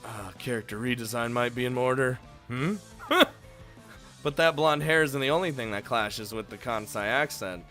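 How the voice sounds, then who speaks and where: A man's voice: mid-range voice, moderate pace, pushed and bright, soft background music. A man reading a visual novel aloud and breaking off into jokey, swearing, laughing asides. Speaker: let's play host.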